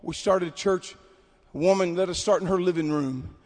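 A man preaching a sermon at a camp meeting, telling stories and building to shouted exhortation. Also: high voice, moderate pace. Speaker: pastor. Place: large hall at a camp meeting. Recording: long hall reverb.

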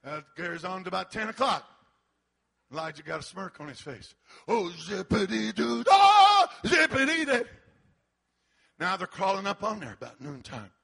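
A man preaching a sermon, acting out the quotes as he goes and breaking into shouts. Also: fairly high pitch, animated, a little fast, gravelly, breathy edge. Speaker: pastor.

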